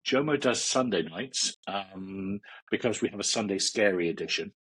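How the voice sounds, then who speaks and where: Husky low-ish guy, meditation teacher, rambly with loads of ums, laughs a lot. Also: expressive, moderate pace, a bit bright, rough recording. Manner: rambling, many fillers and restarts, laughs a lot. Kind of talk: casual interview chat.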